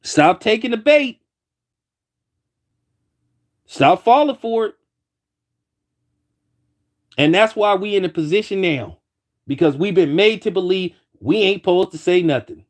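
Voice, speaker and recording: A man with a high-pitched voice delivers a fired-up opinion rant. He talks in bursts and keeps restarting and repeating his phrases as he presses his argument. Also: animated, a little slow, long pauses. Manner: heated, repetitive, many restarts. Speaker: commentator. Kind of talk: ranting opinion commentary.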